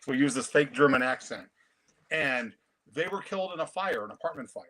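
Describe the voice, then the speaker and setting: A man's voice: mid-range voice, fairly quick, crowd noise. Storytelling man in his fifties. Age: 50s. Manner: storytelling, animated. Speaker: comic collector guest. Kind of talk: casual chat.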